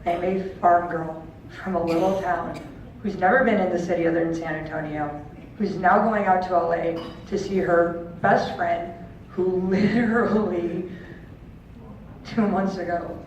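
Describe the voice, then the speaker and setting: A woman's voice: fairly low pitch, steady tone, measured pace. Woman telling a heartfelt story in an echoing hall. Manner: heartfelt storytelling, acting out quoted voices. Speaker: speaker at a charity auction. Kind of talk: emotional personal story told to an audience. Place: large event hall. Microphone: handheld camera far from the stage. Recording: distant, dull and very echoey with faint room noise.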